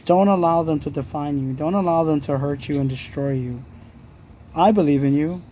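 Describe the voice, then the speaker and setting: A man talks straight to his viewers on a phone livestream, blunt and earnest, dropping the odd swear word. His voice is dark and mellow but sits slightly high. It is casual, heartfelt motivational talk. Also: moderate pace, slight background noise. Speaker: livestream host.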